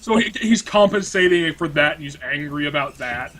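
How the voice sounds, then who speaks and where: A man's voice: a little high, animated, background noise. A man running a tabletop role-playing game as game master, narrating with many restarts and fillers. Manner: halting, filler-heavy narration.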